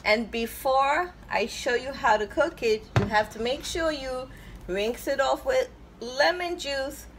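A woman's voice: sits high, unhurried, a little hiss or hum. A woman hosting her own cooking video in a home kitchen, chatting casually as she explains each step and fondly repeats herself. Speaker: cooking channel host.

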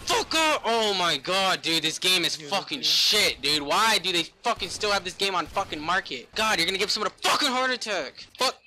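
A man giving gameplay commentary as a gaming YouTuber, cursing and yelling in frustration. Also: high voice, lively intonation, moderate pace, hardly any pauses, slight background noise.

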